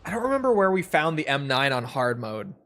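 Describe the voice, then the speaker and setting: A man's voice: medium pitch, big pitch swings, fairly quick, a bit bright. Chatty male gamer narrating play. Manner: chatty, joking, thinking aloud. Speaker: gaming video creator. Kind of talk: casual gameplay commentary.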